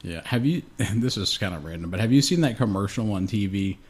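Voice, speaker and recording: A man's voice: fairly low pitch, expressive, fairly quick, breathy edge. A young man co-hosting a podcast, telling rambling stories in casual, heavily profane chat. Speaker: podcast co-host.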